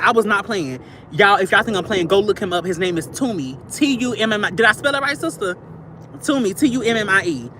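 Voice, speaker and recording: A woman's voice: medium pitch, fairly bright tone, a little hiss or hum. A woman chatting casually to viewers on a livestream, gushing and chatty, calling them "y'all" and "sister.".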